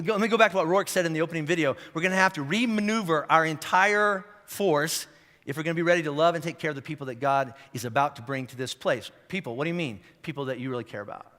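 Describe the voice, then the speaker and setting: Fast, bright-voiced pastor preaching. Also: male voice, high voice, in a large hall. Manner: animated, repetitive restarts, rising to shouts. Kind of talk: sermon. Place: church auditorium.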